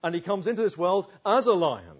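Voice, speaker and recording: A man preaching a sermon, shifting between slow emphatic pauses and quicker asides. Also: high voice, slightly rough, lo-fi sound. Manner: expressive, varied delivery with slow emphatic pauses.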